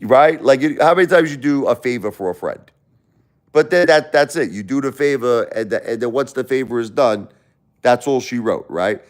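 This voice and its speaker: Animated, indignant man ranting. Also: medium pitch, normal speed. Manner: animated, indignant, rambling with restarts. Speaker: livestream host. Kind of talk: casual live-stream rant.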